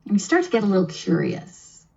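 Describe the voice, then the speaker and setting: A woman's voice: medium pitch, big pitch swings, fairly quick, warm tone, highs cut off. A woman on a video call, explaining and running a kids' tabletop game demo in an encouraging, teacherly, chatty way. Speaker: game master and presenter.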